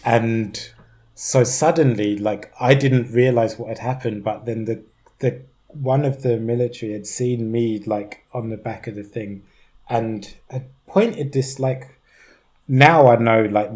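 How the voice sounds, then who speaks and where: A young man from East London with a London accent, a podcast guest telling a story in an animated way, laughing often and mimicking the voices of others. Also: mid-range voice, a little slow. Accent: London English. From East London, England. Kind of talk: conversational storytelling.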